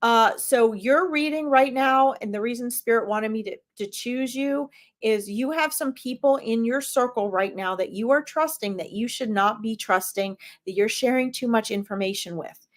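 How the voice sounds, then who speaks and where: A fairly high-voiced woman speaks straight to her viewers, giving live psychic medium readings. She is blunt and emphatic, with plenty of fillers and "okay?" tags along the way. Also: normal speed. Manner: direct, emphatic, with many fillers and "okay?" check-ins.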